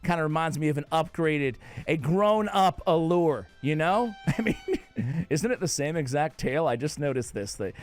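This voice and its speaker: A man with a New England accent giving casual gaming commentary, playful and jokey with sudden excited outbursts. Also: fairly high pitch, moderate pace. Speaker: game guide creator.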